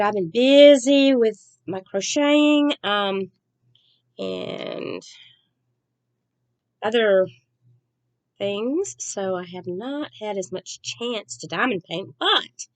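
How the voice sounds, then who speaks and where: A woman talking in a rambling, chatty and soft-spoken way as a crafting vlogger. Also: mid-range voice, no echo. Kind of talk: casual chat.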